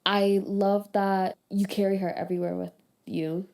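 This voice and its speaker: A woman's voice: medium pitch, little pitch movement, unhurried, creaky, a little mellow. A young woman hosting a podcast, talking in an earnest, reflective way with plenty of fillers. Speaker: podcast host. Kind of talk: casual chat.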